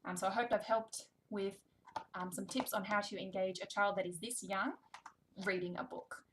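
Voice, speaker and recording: A young adult woman, a speech therapist, gently and encouragingly explaining tips while reading a book with a toddler. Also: mid-range voice, steady tone, normal speed, a little hiss or hum.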